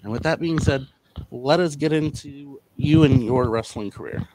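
A man's voice: mid-range voice, normal speed, darkish tone, dry recording, poor audio. A man hosting a casual podcast who rambles and stumbles, with many fillers. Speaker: podcast host.

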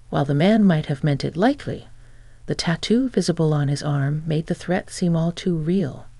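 A woman's voice: deep voice, moderate pace, dark tone, no room sound. Sarcastic woman narrating a revenge story. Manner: sarcastic, mocking. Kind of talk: scripted first-person story narration.

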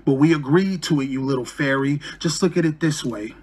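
Husky man reading battle rap bars. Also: on the high side, a little fast, darkish tone. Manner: mocking, punchline-heavy. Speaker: battle rapper. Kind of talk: battle rap verse read from notes.

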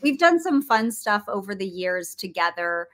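A middle-aged woman chats as an interview guest, with a bright, forward tone. She rambles warmly through fillers and self-corrections and laughs often. Her voice sits at a middle pitch. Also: sing-song, normal speed. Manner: chatty, laughs often, many fillers and restarts. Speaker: guest actress and producer. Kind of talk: casual interview chat.

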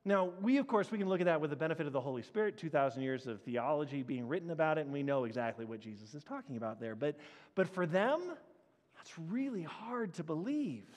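A man preaching a sermon as a pastor, animated and acting out the crowd's reactions. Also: fairly high pitch, fast, big-room sound. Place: church sanctuary.

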